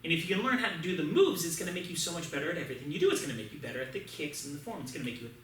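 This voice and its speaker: A man's voice: fairly high pitch, lively intonation, very fast, a bit bright. A man teaching a children's martial arts class online, coaching upbeat and often checking in with the kids. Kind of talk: online kids' class instruction. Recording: echoey room with faint ambient noise.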